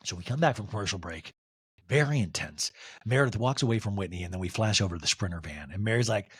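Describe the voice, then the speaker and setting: A man's voice: fairly low pitch, animated, quick pace, breathy edge. A man hosting a solo TV recap podcast, gossipy and sarcastic as he talks through an episode. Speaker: podcast host.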